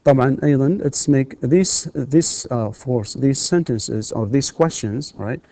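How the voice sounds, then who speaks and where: A man whose first language is Arabic teaches a recorded university English lesson, pausing often with filler sounds and modeling questions with exaggerated rising intonation. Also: mid-range voice, warm tone, dry recording. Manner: hesitant, many filler sounds and restarts. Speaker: university lecturer.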